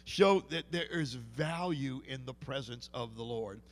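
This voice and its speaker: In a church sanctuary, a male pastor with a medium-pitched voice preaches at a measured pace, telling folksy stories and frequently restarting sentences. A long hall reverb fills the recording.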